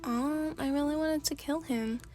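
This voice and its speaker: A woman's voice: high voice, measured pace, mellow, faint music behind. A woman voicing a cocky, violent teenage boy in an ASMR story reading, growling and taunting. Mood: menacing.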